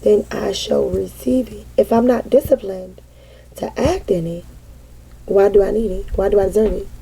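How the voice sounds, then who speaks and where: A woman's voice: medium pitch, steady tone, normal speed, vocal fry, dark tone, a little hiss or hum, poor audio. A woman in casual spiritual reflection, talking with a repetitive, emphatic, preacher-like cadence. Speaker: mother speaking to an online audience.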